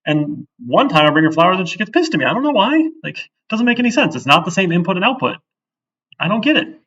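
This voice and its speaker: A gravelly-voiced man runs a casual coding lecture, thinking aloud as he types. He is picked up from across a classroom, so his voice sounds distant and dull. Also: high voice, big pitch swings, quick pace, bright, forceful tone. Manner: conversational, thinks aloud, often asks "right?". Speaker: programming instructor.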